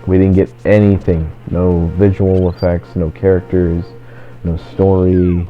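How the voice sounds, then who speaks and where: A man with a very low, deep voice talks through a game session in loose, rambling chat, leaning on "like" in nearly every phrase. The recording is dull and lo-fi, with faint game music underneath. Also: level tone, a little slow. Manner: rambling, constant "like" fillers. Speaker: let's play host. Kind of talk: casual gaming chat.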